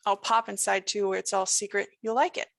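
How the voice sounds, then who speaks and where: A woman's voice: medium pitch, flat delivery, brisk, vocal fry, a bit bright, dry recording. A woman voicing a menacing supernatural male stranger with a folksy drawl and a lilting, sing-song way of talking.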